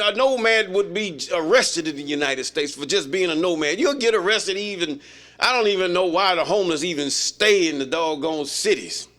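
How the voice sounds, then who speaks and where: A man's voice: a little high, pushed and bright. A man leading an informal Bible study, reading verses aloud and then commenting on them in a folksy, emphatic way. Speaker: Bible teacher.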